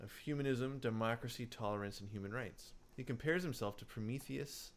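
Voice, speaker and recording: A man's voice: medium pitch, brisk, slight background noise. A man co-hosting a casual book podcast, rambling with many fillers and restarts. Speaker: podcast co-host. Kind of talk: casual book-club chat.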